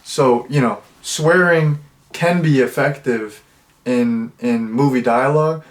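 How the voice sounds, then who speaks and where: Man in his twenties, casual movie review, rambling, lots of fillers, middle-pitched voice. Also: takes it slowly. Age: 20s. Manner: rambling, heavy with fillers and restarts.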